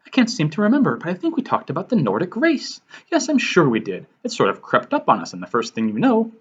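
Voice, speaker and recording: A man's voice: on the high side, wildly swooping pitch, quick pace, husky, dull audio, pitched above the performer's own voice, exaggerated voice. A man voicing a wealthy woman who speaks in an airy, evasive way.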